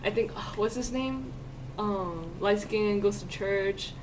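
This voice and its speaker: A young woman hosting a casual chat podcast, telling animated stories, laughing often and swearing freely. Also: mid-range voice, takes it slowly, recorded from a distance. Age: young adult. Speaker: podcast host.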